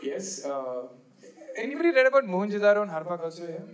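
Young indian guy doing standup, high voice, jokey, acts out little scenes. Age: 20s. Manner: animated, jokey, acts out quick dialogue bits. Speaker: stand-up comedian. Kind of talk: stand-up comedy. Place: live comedy venue with audience.

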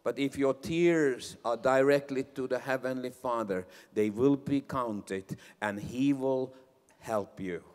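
A man interpreting a sermon in a large church hall, halting and emphatic. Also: mid-range voice. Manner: halting, emphatic, swelling into loud praise. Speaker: interpreter for the preacher. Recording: long church reverb.

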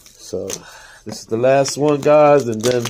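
A man casually reading out trading cards as he opens packs, talking to his viewers in a relaxed, slangy way. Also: mid-range voice, measured pace, a little hiss or hum. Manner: reads out card names, casual slangy asides to viewers. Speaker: card-opening vlogger. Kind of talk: casual pack-opening commentary.

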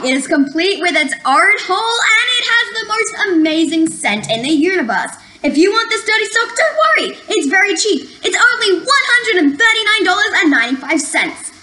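A woman's voice: very high voice, sing-song, normal speed, few pauses, sharp tone, roomy sound, voice pushed up, exaggerated voice. A woman putting on an over-the-top saleswoman voice for a mock advert. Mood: gushing. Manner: gushing hard-sell ad patter. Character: over-the-top shrill female sock saleswoman.

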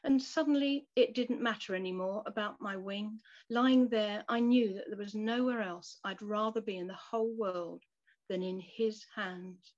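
Woman reading a devotional slow and soft, middle pitch, kinda muffled lo-fi sound. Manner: soft, measured, reflective. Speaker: devotional reader. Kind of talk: reading a devotional story and prayer aloud. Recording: dull lo-fi recording.

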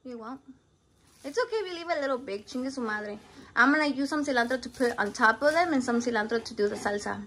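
A woman's voice: a little high, lively intonation, fast talker, fairly bright tone. A brash woman chatting in a casual cooking vlog from her home kitchen, swearing constantly and mixing in Spanish words. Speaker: home cook vlogger.

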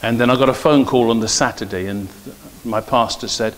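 Middle-aged pastor preaching with earnest emphasis. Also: male voice, medium pitch, brisk. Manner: storytelling, grows emphatic and preachy. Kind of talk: sermon with personal stories. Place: church.

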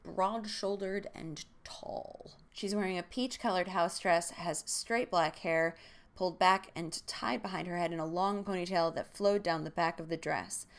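A woman's voice: lowish voice, unhurried. Sarcastic young woman recapping a book. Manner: sarcastic, jokey asides. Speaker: podcast host.

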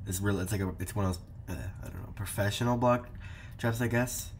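A man's voice: lowish voice, fairly even intonation, brisk, a little hiss or hum. A young man giving casual, playful gameplay commentary, teasing the players and talking to his viewers. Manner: playful, teasing, talks to viewers while playing. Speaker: gaming YouTuber.

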